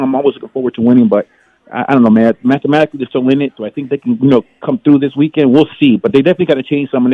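Male caller, rapid impassioned fan rant, dry tinny phone audio. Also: medium pitch, no room sound. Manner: passionate fan, rallying speech. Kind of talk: casual radio call-in. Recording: phone line.

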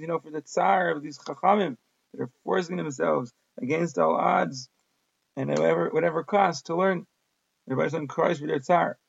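Gravelly man teaching Talmud. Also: a little high, no echo, muffled recording. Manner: reads Aramaic text then translates in casual English. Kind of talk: daf yomi Talmud lesson.

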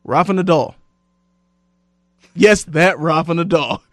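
A man hosting a casual sports podcast, telling stories and quoting others in lively voices. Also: a little high, slow, dry recording, studio quality. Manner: animated storyteller, quotes others in voices. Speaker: sports radio host.

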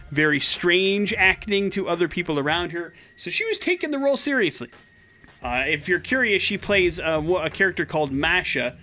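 A man co-hosting a morning radio show, chatting casually and excitably with plenty of fillers. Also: on the high side.

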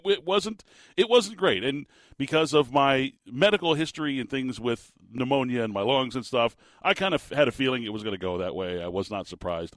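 A man's voice: medium pitch, no room sound. A male sports talk radio host talking on his own into a studio microphone. He rambles in a loose, self-deprecating way, full of restarts and fillers, while getting over an illness. The sound is close and dry. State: recovering from illness, voice lost several times. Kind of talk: casual solo radio talk.

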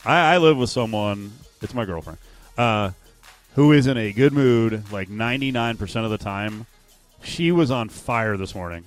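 A man co-hosting a sports radio show, chatting casually with animated asides. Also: fairly low pitch, moderate pace, faint music behind.

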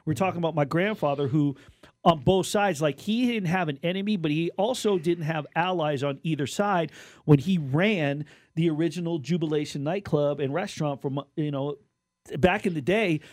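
A man with a slightly high voice co-hosts a casual sports radio show. He rambles and restarts his sentences as he goes. The sound is close and dry, with no room around it. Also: normal speed, darkish tone, dry recording. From Southern Nevada. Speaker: radio co-host.

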